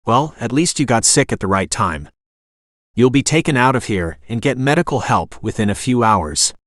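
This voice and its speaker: A man with a synthetic narrator voice reading the lines of a calm, firm soldier with a dry sense of humor. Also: medium pitch, normal speed, no room sound, natural voice. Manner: steady, dryly humorous. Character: calm, firm male soldier caring for her.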